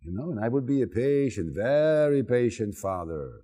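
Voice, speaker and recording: Man teaching, husky, mellow tone, personal storytelling. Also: medium pitch, sing-song, moderate pace. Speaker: Human Design teacher. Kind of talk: talk to a group.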